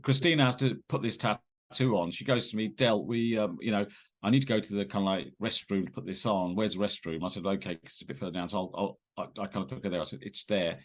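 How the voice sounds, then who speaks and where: Fast-talking man telling stories. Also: lowish voice. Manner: rambling, animated storyteller with many fillers. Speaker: interview guest. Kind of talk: casual anecdote telling.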